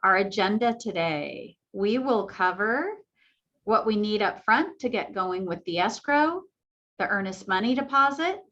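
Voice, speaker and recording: A woman opens an online training and reads out its agenda in a steady, orderly way. Her voice sits at a middle pitch, and the call audio is a little dull. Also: measured pace. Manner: reads out an agenda in an even, organized way. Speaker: webinar host. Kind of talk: scripted introduction. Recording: slightly dull lo-fi webinar audio.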